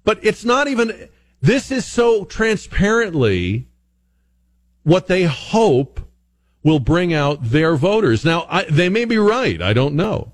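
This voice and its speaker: A man hosting an opinion talk show, delivering a sarcastic, mocking monologue with exaggerated high-pitched asides. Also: very animated, slow, no room sound. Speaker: political commentary host.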